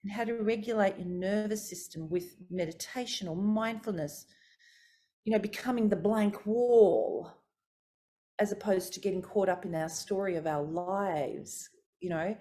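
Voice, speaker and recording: Expressive woman vocal coach teaching warm-ups. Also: measured pace. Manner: expressive, demonstrates pitch and articulation. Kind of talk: coaching workshop talk.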